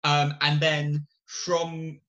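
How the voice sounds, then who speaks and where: A man's voice: on the high side, monotone, drawn-out words, fairly bright tone, lo-fi sound. A man co-hosting a podcast, recapping a film in casual, rambling chat full of restarts and acted-out bits. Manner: rambling, full of likes and restarts, acts out scenes. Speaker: podcast co-host.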